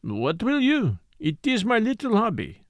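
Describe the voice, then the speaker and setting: A complacent little detective murmurs softly with affected modesty, his voice pitched high and lilting, performed by a male narrator. The storybook reading is close and dry. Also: wildly swooping pitch, measured pace, no room sound, exaggerated voice. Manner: soft, murmuring, mock-modest.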